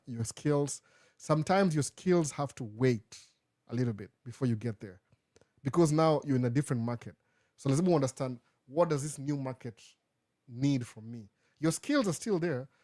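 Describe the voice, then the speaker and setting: A man's voice: mid-range voice, animated, moderate pace, a little mellow, no echo, studio quality. Man hosting a live Q&A. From Kenya. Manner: casual, mixes English with Swahili phrases. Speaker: host. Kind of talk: live Q&A answering viewer questions.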